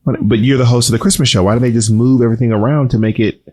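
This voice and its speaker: A man co-hosting a casual chat, teasing his co-host with quick back-and-forth questions, his voice held soft and quiet as he recovers from voice strain. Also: medium pitch, fairly even intonation. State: recovering voice, talking softer than usual. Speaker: podcast co-host.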